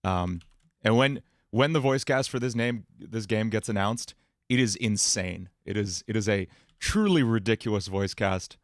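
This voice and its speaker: A man's voice: fairly low pitch, creaky, no room sound, studio quality. A man chatting casually on a livestream as a streamer and musician, in a rambling, jokey way with frequent restarts.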